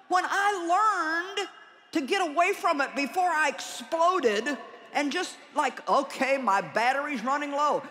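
An older woman preaching a humorous conference sermon, animated and joking as she acts out little prayers and conversations. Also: very high voice.

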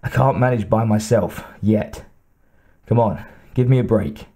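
A male narrator voicing an injured, blunt, profane male police detective with a gruff, curt delivery. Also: lowish voice, a little slow, warm tone.

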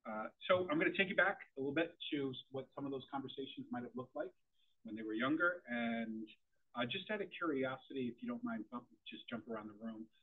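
A man's voice: mid-range voice, expressive, brisk, slightly rough. A man giving a conversational presentation to a group of parents, often repeating words as he starts a sentence. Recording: tinny phone-like audio of a room talk.

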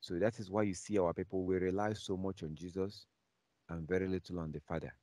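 A man teaching a bible class, emphatic and repetitive, reading scripture aloud slowly and repeating key phrases again and again. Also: sits low, level tone, warm tone, no room sound.

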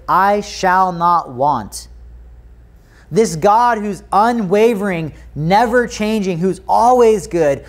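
A man with an American accent preaching a sermon in a church, reading scripture, praying and talking to the congregation in an earnest, conversational way. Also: sits high. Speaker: pastor. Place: church sanctuary.

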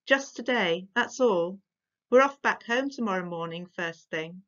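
A woman's voice: mid-range voice, lively intonation, unhurried, fairly bright tone. A woman voicing a weary mother in a storybook reading, coaxing and pleading with a hint of exasperation. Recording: dull lo-fi recording.

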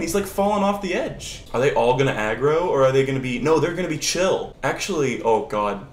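Excitable young man streaming a game. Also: on the high side, a little fast, hardly any pauses, reverberant, noisy background. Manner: excitable, swearing, bursts of laughter and shouts. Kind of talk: casual gameplay commentary. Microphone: older lower-quality desk mic.

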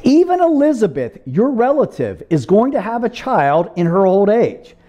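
A male pastor delivers a chatty, interactive sermon, his voice rising and falling with a lively swing. The tone is mellow and warm rather than bright. He breaks in with casual asides and asks his congregation to call out answers. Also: sits high, normal speed. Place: church service.

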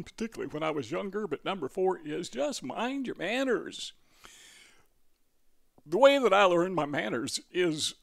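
Gravelly older Midwestern man. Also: on the high side, a bit bright. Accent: Midwestern American. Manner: rambling, conversational, self-correcting with many fillers. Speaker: vlogger. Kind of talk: casual talking-head monologue.

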